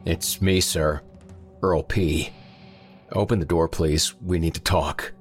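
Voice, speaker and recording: Brief: man doing scared stammering ex-mailman, shaky, slightly raised pitch. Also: steady tone, slow pace, faint music behind. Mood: tense. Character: nervous, frightened young-ish ex-postal worker.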